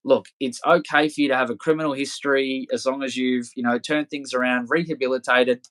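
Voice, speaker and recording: A man in his thirties, talking as a podcast guest at a mid pitch. His stories ramble and restart, laced with swearing and easy laughter. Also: fairly even intonation, fairly quick, a bit bright. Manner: loose, rambling, swears freely, laughs often. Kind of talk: casual storytelling interview.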